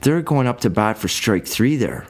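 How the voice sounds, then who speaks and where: A man's voice: mid-range voice, big pitch swings, moderate pace. A man preaching a sermon, reading verses and explaining them in a loose, conversational way. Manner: colloquial, conversational Bible teaching.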